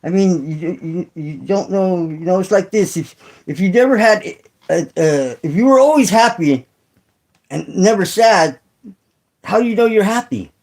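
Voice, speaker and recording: A middle-aged channel host chats casually with livestream viewers, rambling and swearing, with many fillers and restarts. His voice sits high, is expressive and a little mellow, and moves at a moderate pace, but the recording quality is low.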